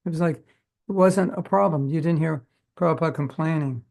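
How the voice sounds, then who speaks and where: Casting: older male teacher, gravelly voice, slightly high-pitched, loose conversational sermon with acted-out dialogue. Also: brisk, a little mellow. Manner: conversational, acts out imagined dialogue, asks the audience questions. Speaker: spiritual teacher giving a class. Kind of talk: informal sermon. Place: class at a community temple.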